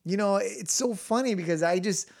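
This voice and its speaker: A man's voice: high-pitched, normal speed, creaky. A man co-hosting a casual podcast, telling jokes, laughing at them and saying "dude" a lot. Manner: animated, laughs through his own jokes, says "dude" a lot. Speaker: podcast co-host.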